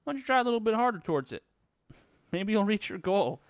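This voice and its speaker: Dude doing a snarky high fairy lady, airy and quick, dry mic. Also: sing-song, no room sound. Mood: mocking. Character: flippant female fairy, breezy and dismissive.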